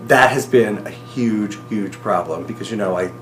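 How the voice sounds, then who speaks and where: A young man talks straight to the camera in a rambling, excited video diary, his voice close to tears at times. The room rings with echo, and soft music plays faintly underneath. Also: fairly low pitch, moderate pace. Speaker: groom-to-be recording video messages to his partner.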